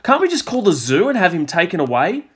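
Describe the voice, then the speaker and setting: A man reading a storybook aloud, voicing a bored young boy who drawls his lines flatly. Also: sits high, slightly rough, pitched above the performer's own voice, full character voice. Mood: pleading. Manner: flat, unimpressed, drawn-out delivery.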